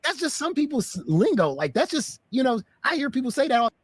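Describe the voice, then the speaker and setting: Husky, animated man reacting loudly. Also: very high-pitched, fairly quick, no room sound. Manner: loud, laughing, exclamatory outbursts. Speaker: stream host reacting to a video. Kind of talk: casual reaction chat.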